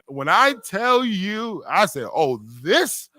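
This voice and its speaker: A man's voice: high-pitched, very animated, slow, bright, forceful tone. A man from Western New York hosting a casual radio talk show, telling stories animatedly and laughing often. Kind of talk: casual chat.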